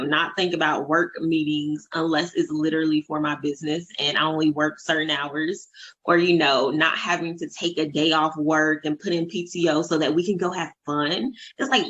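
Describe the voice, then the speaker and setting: A woman's voice: low-pitched, a bit bright, slightly rough. A woman in her thirties hosting a casual podcast chat as a life coach, telling stories in an effusive way with many fillers. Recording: dull lo-fi remote audio.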